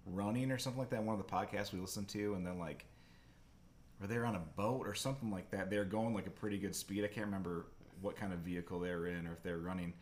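A man with a lowish voice chats on a podcast, stopping and restarting as he hunts for the right words. A faint hiss of noise sits under his voice. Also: steady tone. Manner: halting, searching for words. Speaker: podcast co-host. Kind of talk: casual chat.

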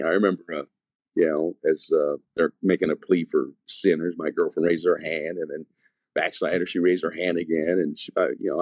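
A man's voice: deep voice, darkish tone, breathy edge, no room sound. A man, an evangelist, telling his conversion testimony in casual, slangy talk full of fillers and restarts.

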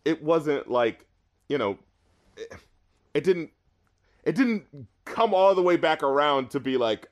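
A man in casual chat about an album, animated, swearing, and quoting lyrics at length. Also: fairly high pitch, normal speed, long pauses. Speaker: podcast co-host reviewing an album.

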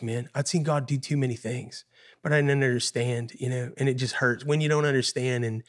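A man, a guest musician, telling a painful personal story in an earnest, emotional way, often repeating himself and saying "man.". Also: mid-range voice.

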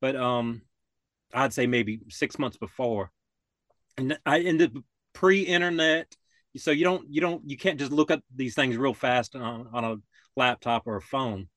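A man's voice: medium pitch, a little slow, fairly bright tone, no room sound. An older man telling a story in casual conversation, rambling and restarting often, acting out the other people in it. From Florida. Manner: rambling, restarts often, acts out quoted voices. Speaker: podcast guest.

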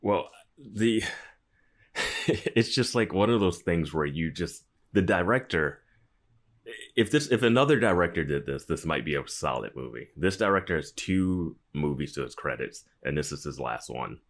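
A man from the US East Coast co-hosting a podcast, with an extremely low voice. He rambles along in casual chat, full of fillers and easy laughs. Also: lively intonation, unhurried, a bit bright. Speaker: podcast co-host.

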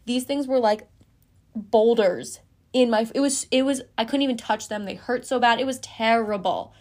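A woman's voice: on the high side, normal speed, a little mellow. A woman in her twenties frankly telling a personal story as a podcast host, casual and swearing freely.

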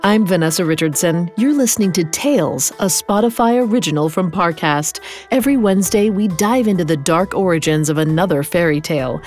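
Woman, podcast narrator, measured dramatic reading, faint background music. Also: fairly low pitch, lively intonation, a little mellow. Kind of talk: scripted storytelling narration.

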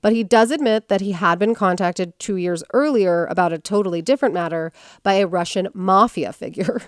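A woman's voice: medium pitch, fairly quick, no room sound, clean studio sound. A woman hosting a podcast, telling a story in casual chat and acting out quotes in character voices.

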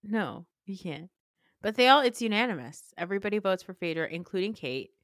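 A woman's voice: medium pitch, expressive, brisk, fairly bright tone, no room sound, clean studio sound. A woman co-hosting a podcast, chatting casually and animatedly, acting out quotes and laughing often. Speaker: podcast co-host. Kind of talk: casual recap chat.

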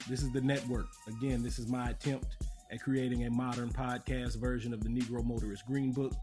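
A man hosting a podcast, relaxed and affirming, wrapping up an interview with an informal sign-off. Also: medium pitch, a little fast. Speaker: podcast host. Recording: music clearly behind.

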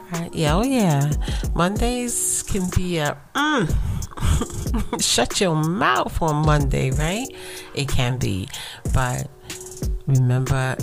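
A woman hosting her own podcast in a chatty, affirming way, often asking her listeners "right?", sounding tired. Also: rumbling low. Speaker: podcast host. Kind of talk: casual solo podcast talk.

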